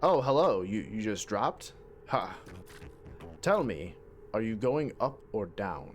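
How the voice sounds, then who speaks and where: Man doing a fish character, put-on British accent, sly, cryptic, lower voice. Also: very animated, slow, soft background music.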